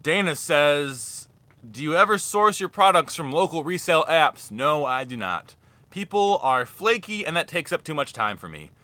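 Chatty young man with a bright voice. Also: fairly high pitch, big pitch swings, moderate pace, dry recording. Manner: rambling, chatty, restarts often. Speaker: thrift reseller vlogger. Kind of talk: casual live-stream haul chat.

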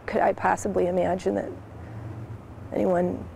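A woman interviewed on the news, speaking haltingly with restarts. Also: fairly low pitch, little pitch movement, vocal fry, dark tone, slight background noise. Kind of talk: emotional interview.

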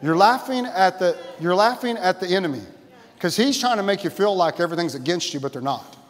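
A pastor preaching a sermon in a church, exuberant, laughing and shouting and calling out to the congregation. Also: male voice, high-pitched, expressive, fairly quick. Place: church sanctuary. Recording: church hall reverb.

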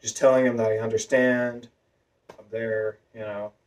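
A vlogger with a masculine voice telling a long personal story in a rambling way, full of fillers and restarts. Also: male voice, lowish voice, little pitch movement, normal speed, a little mellow. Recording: voice a bit far from the mic.

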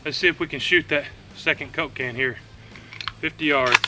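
Bright-voiced man narrating at a shooting range. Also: fairly high pitch, normal speed, soft background music. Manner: relaxed running commentary between shots. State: out of breath at times. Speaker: host of a shooting channel. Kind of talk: casual outdoor shooting vlog.

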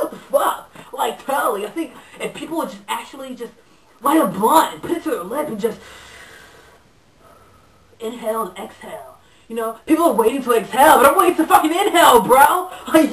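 A woman playing a young stoner surfer guy who delivers pizza, talking in a laid-back, profane way full of dude and bro. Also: high voice. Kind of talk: comedic character monologue. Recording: echoey room, voice far from mic.

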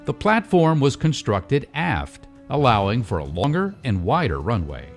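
A man reading scripted documentary narration in a measured storytelling delivery. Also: fairly low pitch.

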